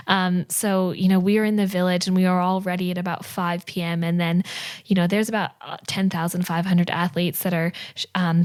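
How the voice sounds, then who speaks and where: Young woman guest, slightly low voice, chatty storyteller, lots of fillers. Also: darkish tone. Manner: chatty, many fillers and 'like', 'you know'. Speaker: podcast guest. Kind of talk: casual interview storytelling.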